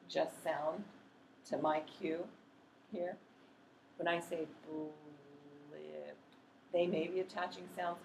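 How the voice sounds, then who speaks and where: A woman training teachers in a workshop, explaining in a practical, chatty way and slowly sounding out words to demonstrate. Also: low-pitched, a little mellow, reverberant, slight background noise. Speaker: literacy educator training teachers.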